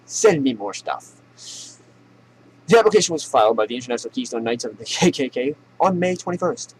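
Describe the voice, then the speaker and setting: A man's voice: medium pitch, very animated, a little fast, slight background noise, rough recording. A man hosting a comedy news show, ranting sarcastically and profanely and laughing at his own jokes.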